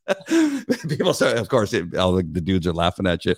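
A middle-aged man co-hosting a casual chat, telling animated stories, acting out voices and laughing often. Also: deep voice, normal speed, no echo, clean studio sound. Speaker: podcast co-host.

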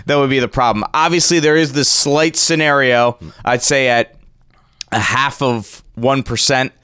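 Man, sports radio host, energetic, stat-heavy, smooth voice, dry studio sound. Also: medium pitch, no room sound. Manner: energetic, rattles off stats and rankings. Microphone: studio microphone.

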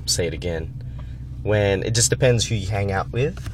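A man's voice: lowish voice, normal speed, background noise. A young man co-hosting a podcast from a parked car, talking in a loose, laid-back way with slang and swearing. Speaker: podcast co-host. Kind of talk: casual chat.

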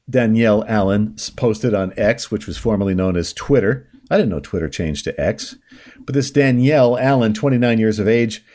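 Man, medium pitch, talk show host, news commentary, sarcastic, indignant asides. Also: darkish tone. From upstate New York.

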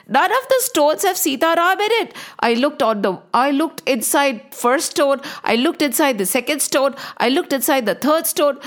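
A woman voicing a devoted male monkey god who speaks earnestly and pleadingly, told as a children's story. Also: high voice.

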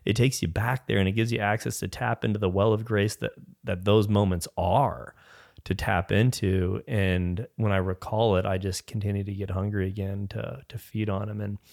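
A man's voice: lowish voice, fairly even intonation, moderate pace, gravelly, darkish tone, no room sound, studio quality. A man sharing a personal faith testimony as a podcast guest, rambling, with frequent restarts and filler words.

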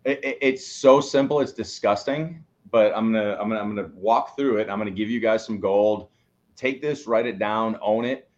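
A man's voice: lowish voice, moderate pace, muffled recording. A man co-hosting a motivational live show, coaching listeners in an emphatic, preachy way and swearing now and then. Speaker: co-host, coach.

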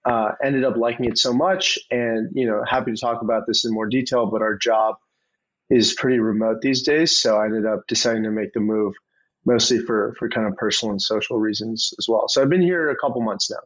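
A man in his twenties from Arizona, a venture capital guest in a casual interview, talking in a relaxed way with many fillers and hedges. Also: on the low side, brisk, low-quality recording. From Arizona, USA. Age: 20s.

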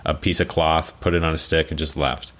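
A young man co-hosting a podcast in casual chat, telling stories with swearing and sudden high mocking voices. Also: fairly quick. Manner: animated storytelling, swearing, jumps into high mocking voices for quotes. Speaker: podcast co-host.

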